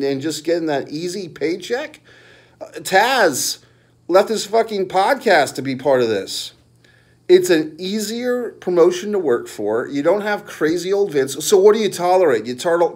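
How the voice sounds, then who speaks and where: A middle-aged man delivers a furious, profanity-laced rant, mocking fans and sneering at their worries. His voice sits a little high for a man, and he jumps between scorn and exasperated lecturing. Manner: angry, profane, mocking ranting. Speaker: wrestling commentary vlogger. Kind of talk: profane ranting monologue.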